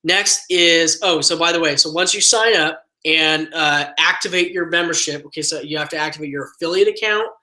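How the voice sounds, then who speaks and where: Male online trainer, bright, upbeat motivational delivery, loose and filler-heavy. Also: fairly high pitch, fairly quick, hardly any pauses, rough recording. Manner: energetic motivational coaching, many fillers. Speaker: team trainer. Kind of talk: live online training webinar.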